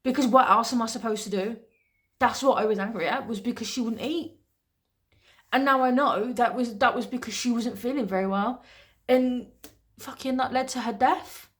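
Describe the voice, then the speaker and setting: A woman's voice: on the high side, moderate pace. Blunt, swearing young woman. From England. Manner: blunt, swears constantly, frustrated. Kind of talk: candid venting to camera.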